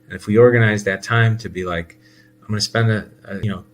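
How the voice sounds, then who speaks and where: A man's voice: on the low side, fairly even intonation, fast talker, faint music behind. A man talking casually in a rambling monologue, full of fillers, restarts and laughs. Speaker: host.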